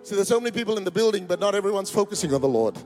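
A man's voice: high-pitched, animated, rapid-fire, darkish tone, soft background music. A man, preaching a sermon in a church, emphatic and rousing with joking asides. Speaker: pastor. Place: church auditorium.

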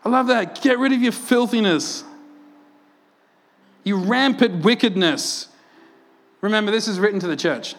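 A man with a high voice preaches to his congregation in a lively, animated way. He fires off rhetorical questions and laughs often between his points. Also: moderate pace, pauses often. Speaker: pastor. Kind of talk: sermon. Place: church.

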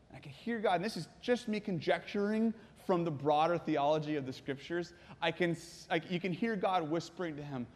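A man preaching a sermon as pastor, dramatic, swinging from hushed to intense. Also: on the high side, moderate pace. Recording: long reverb in a hall.

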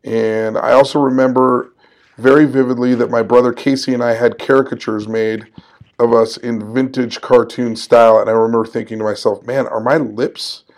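A man in his forties with a middle-pitched, gravelly voice hosts a solo podcast. He talks in a conversational, upbeat way, encouraging his listeners and laughing at himself now and then. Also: little pitch movement, normal speed, a little mellow. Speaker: podcast host.

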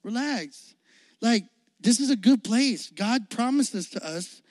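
A man voicing the biblical spy Joshua as a laid-back, slangy guy who calms a panicked crowd. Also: very high-pitched, a little slow, dry recording, big-room sound, poor audio. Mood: calming.

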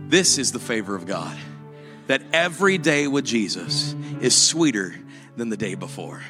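A man's voice: mid-range voice, big pitch swings, moderate pace, in a large hall, music in the background. A man preaching a sermon, telling a joking story that builds into fervent preaching. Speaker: pastor.

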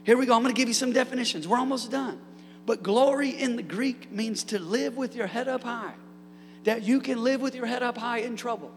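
A man preaching a sermon as pastor, energetic with humorous asides and building to shouted peaks. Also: very high-pitched, a little fast, long reverb tail, slight background noise. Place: church sanctuary.

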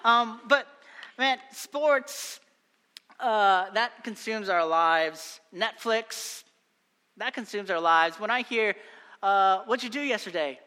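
A man's voice: high voice, expressive, slow, bright, forceful tone, clean tone. Earnest man preaching in a reverberant hall. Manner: earnest, exhorting, repeats phrases for emphasis. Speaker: pastor. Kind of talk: sermon.

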